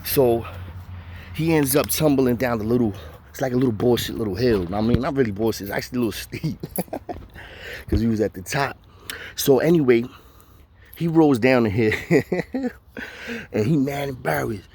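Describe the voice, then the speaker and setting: A man's voice: medium pitch, normal speed, long pauses, darkish tone, a little hiss or hum. A man casually telling profane stories, full of street slang and repeated "know what I mean" fillers. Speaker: storyteller. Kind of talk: casual storytelling.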